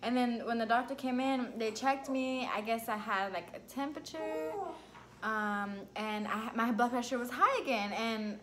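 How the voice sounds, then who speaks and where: At normal speed and over slight background noise, a woman casually relates a personal story in a vlog. Her delivery is lively and filled with "like" and "you know," and she jumps sharply in pitch when quoting her former self.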